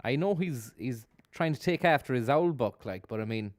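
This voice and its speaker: A man's voice: medium pitch, animated, normal speed, darkish tone, no echo, studio quality. A man hosting a live stream, giving sardonic, rambling commentary on a video and swearing freely as he goes. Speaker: streamer host.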